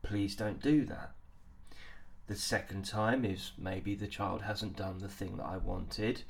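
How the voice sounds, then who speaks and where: A man giving a drama lesson, talking haltingly with many ums and restarts. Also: lowish voice, fairly even intonation, creaky. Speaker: acting teacher.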